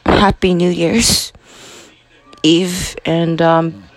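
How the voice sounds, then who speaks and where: A young woman in her twenties hosts a podcast, telling a personal story in a halting, profane confessional monologue. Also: lowish voice, steady tone, no room sound. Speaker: podcast host.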